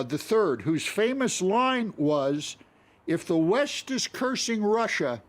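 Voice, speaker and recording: A male guest analyst on a live news panel speaks in a blunt, emphatic way. His pitch sits a little high for a man.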